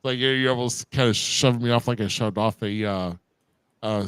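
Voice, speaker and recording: A man's voice: fairly low pitch, level tone, moderate pace, a bit bright, smooth. A man co-hosting a casual wrestling recap podcast, loose and joking, calling people bro and dude. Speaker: podcast co-host.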